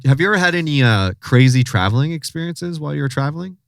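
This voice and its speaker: A man hosting a podcast, casually interviewing a passerby with hesitant, halting speech full of fillers. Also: fairly high pitch, lively intonation, creaky, fairly bright tone, smooth, no echo, clean studio sound.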